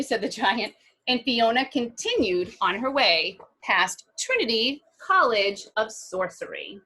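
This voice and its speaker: A woman reading a children's picture book aloud, with animated asides to her listeners. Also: fairly high pitch, slow, long pauses, breathy edge.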